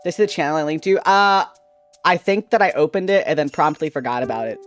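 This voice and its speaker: A young adult streamer in casual chat, giggly and teasing, with sudden bursts of excitement. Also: medium pitch, fast talker, faint music behind.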